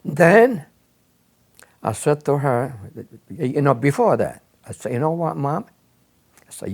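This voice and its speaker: Older man, gravelly and lively, rambling interview memories. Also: medium pitch, unhurried, pauses often. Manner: rambling, repeats words, animated when quoting others. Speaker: interviewee telling his life story. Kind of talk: casual storytelling.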